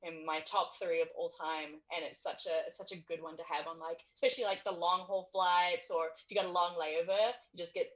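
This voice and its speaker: A woman's voice: fairly low pitch, fairly even intonation, a little fast, hardly any pauses. Woman guest with an accent, giggly and rambling, heard over a dull, slightly muffled video call with headphones. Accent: non-native English accent. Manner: giggly, trailing off with fillers. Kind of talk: casual interview chat.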